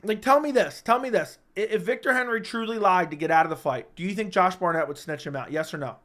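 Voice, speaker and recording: A man hosting a casual livestream chat, talking in an animated, emphatic way, repeating himself and swearing freely. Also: high-pitched, fast talker. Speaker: livestream host. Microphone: studio microphone.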